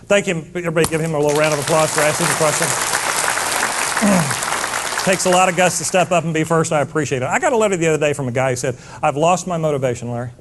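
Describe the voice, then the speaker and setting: A man's voice: fairly high pitch, fast talker, a bit bright, some chatter behind, a little hiss or hum. A man giving a blunt, fired-up motivational keynote to a live audience, scolding and hammering points with repetition.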